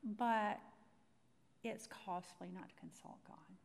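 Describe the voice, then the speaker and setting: Speaking slowly in a gravelly, medium-pitched voice, a Christian woman gives a personal testimony talk in a large hall. She tells her faith story with animation and acts out the quoted voices.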